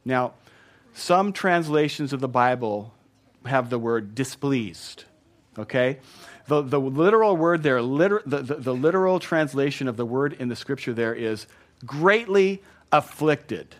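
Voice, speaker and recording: A man's voice: mid-range voice, lively intonation, a little slow. A man in his thirties, a pastor, preaching a sermon in an earnest, emphatic way and often repeating words. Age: 30s.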